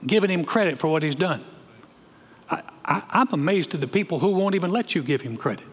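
A man, a pastor preaching a sermon in a church, folksy and animated, often repeating his words as he goes. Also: fairly high pitch, fairly quick, breathy edge, long reverb tail. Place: church sanctuary.

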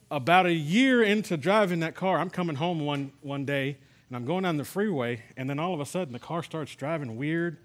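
A man preaching to a class, telling personal stories and asking rhetorical questions in a conversational way. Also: medium pitch. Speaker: pastor teaching a healing class. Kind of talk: sermon.

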